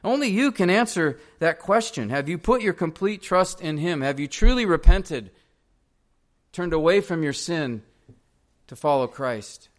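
Earnest higher-voiced male pastor preaching. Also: lively intonation, unhurried. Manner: earnest, pleading direct questions to the congregation. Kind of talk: sermon. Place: church.

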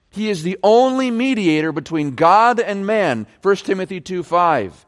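Speaking expressively, a little slowly and with hardly any pauses, a man preaches a sermon on a passage. He stresses key words emphatically with wide pitch variation, and his voice echoes with a large hall's long reverb.

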